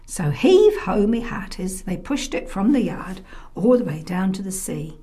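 A woman storyteller narrating a children's tale, expressive and often dropping to a soft whisper. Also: mid-range voice, unhurried. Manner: softly whispered in places, expressive.

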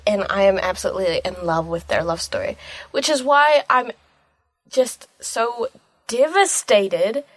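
Young woman, casual film vlog, gushing, rambling, fillers, mid pitch, dry close sound. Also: no room sound. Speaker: film reviewer.

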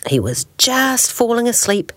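A woman radio presenter reading a children's bedtime story aloud, expressive and slow, adding playful sound effects. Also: a little high, dry recording.

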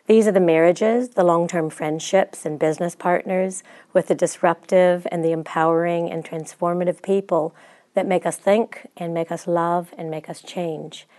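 A middle-aged woman with an American accent delivers a prepared talk as guest speaker. She speaks in a measured, reflective way, and her voice sits on the low side. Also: steady tone, darkish tone. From Chicago, USA. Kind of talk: prepared speech.

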